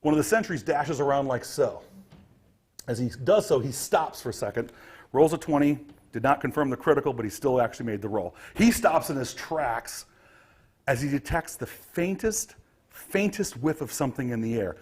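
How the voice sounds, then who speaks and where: A man running a tabletop game as game master, his voice slightly husky. He paints each scene in lively detail, pausing on ums and restarting his sentences as he goes. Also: medium pitch. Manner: vivid scene-setting with frequent ums and restarts.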